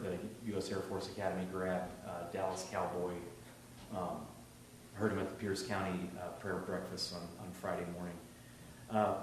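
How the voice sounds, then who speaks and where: Reflective man in an echoey room. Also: on the low side. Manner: reflective, searching storyteller. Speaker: church leader in discussion. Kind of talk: casual discussion. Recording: echoey room, distant mic, faint noise.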